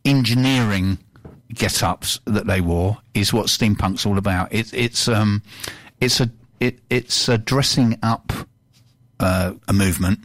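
A man's voice: fairly low pitch, unhurried. Man, radio host, casual studio banter, self-mocking, stumbles and laughs, studio mic. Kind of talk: casual studio banter, reading listener shout-outs.

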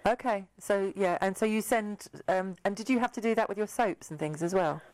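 A woman's voice: medium pitch, brisk, darkish tone, dry recording, poor audio. A woman hosting a casual studio chat on the radio, chatty and teasing, laughing often. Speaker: radio host.

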